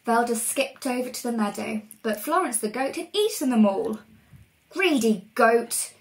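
A woman reading a storybook aloud to children in a lively, expressive way. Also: a little high, normal speed, creaky, slight background noise, rough recording. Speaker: reader.

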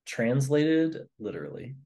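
A man's voice: mid-range voice, sing-song, measured pace, mellow. A man co-hosting a podcast in casual chat, with a dry, teasing manner. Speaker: podcast co-host.

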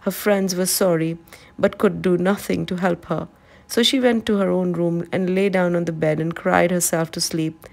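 A woman narrating a classic storybook aloud with a calm, steady reading. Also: lowish voice, normal speed, gravelly.

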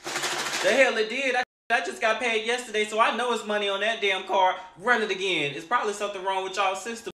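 A man's voice: high-pitched, fairly even intonation, brisk, bright, forceful tone, a little hiss or hum, pitched above the performer's own voice. A man in a comedy skit clip, playing a brash customer outraged that a card was declined. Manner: brash, swearing, comic outrage. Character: loud indignant customer whose card declined. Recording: echoey room from a video clip.

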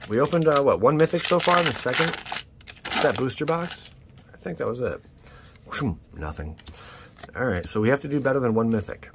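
A man hosting his channel, chatting casually and excitedly to viewers as he opens trading card packs. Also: medium pitch, brisk, long pauses, noisy background. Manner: excitable, rambling, talks to viewers. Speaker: channel host. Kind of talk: casual card-opening commentary.

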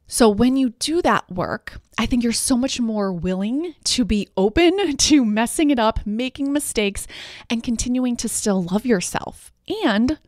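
A woman's voice: on the high side, dry recording, studio quality. A woman hosting a parenting podcast, explaining in an earnest, encouraging way. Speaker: podcast host, parenting coach. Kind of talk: solo podcast teaching.

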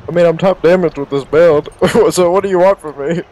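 A man's voice: a little high, fairly quick, a little mellow, low-quality recording. A man playing an online game with a friend, crude and bragging about his damage, calling his friend "boy" over and over. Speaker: gamer co-streaming a match. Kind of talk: casual gaming banter.

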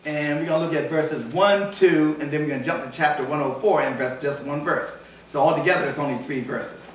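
A man with a fairly high voice preaches to a congregation, lively and dramatic, acting out the people in his stories. He sounds distant from the microphone, and his voice rings around a big, echoing church hall. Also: brisk, a little hiss or hum. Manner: animated preaching, acts out voices in retold stories. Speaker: pastor. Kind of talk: sermon. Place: church sanctuary. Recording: echoey church hall, voice from far off.

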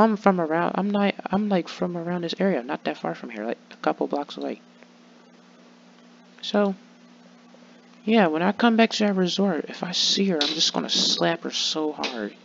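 A man's voice: on the high side, gravelly, dull audio, slight background noise. A young man rambling sulkily in a vlog, full of restarts and fillers. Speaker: vlogger. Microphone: laptop mic.

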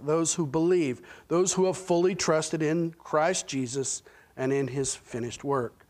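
Male pastor with an Oklahoman accent, high voice, chatty sermon delivery, church sanctuary. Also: darkish tone. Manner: conversational preaching, frequent "right?" and "okay?" check-ins.

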